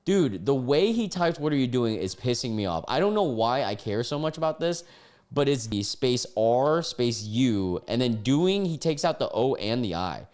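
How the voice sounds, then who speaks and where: A man's voice: medium pitch, very animated, normal speed, a little mellow. A man reacting to text screenshots at a desk mic, incredulous and often laughing, with casual swearing. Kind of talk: reaction commentary. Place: home room with a cat. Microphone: desk microphone.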